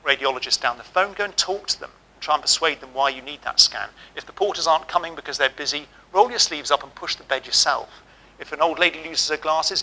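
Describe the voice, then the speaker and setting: A man's voice: on the high side, bright, forceful tone, rough recording. A middle-aged man giving a ceremony address, telling a humorous hospital anecdote and giving direct advice. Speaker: ceremony speaker. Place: lecture hall.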